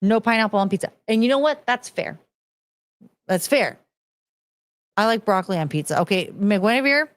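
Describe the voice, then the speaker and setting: Brief: thirties woman host, blunt, swears casually, animated delivery, dry voice. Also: medium pitch, moderate pace, long pauses, no room sound. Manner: blunt, profane, animated, mocking voices in quotes. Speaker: streamer host reading chat. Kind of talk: casual chat.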